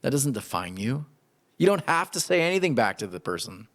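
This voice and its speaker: Guy giving a sermon, chatty and animated, middle pitch. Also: normal speed. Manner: animated, conversational preaching. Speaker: pastor.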